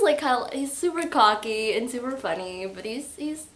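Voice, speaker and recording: A young woman with a slightly high, animated voice talks at normal speed with few pauses in a reverberant room. In this casual book review chat she gushes and giggles about a book she loves, voicing its quotes.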